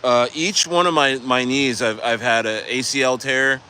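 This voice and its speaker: A man's voice: mid-range voice, fairly even intonation, normal speed, sharp tone, slight background noise. A man casually telling a long story from a vacation condo, rambling and swearing with lots of restarts. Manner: rambling, profane, many restarts and "bro". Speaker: crypto vlogger.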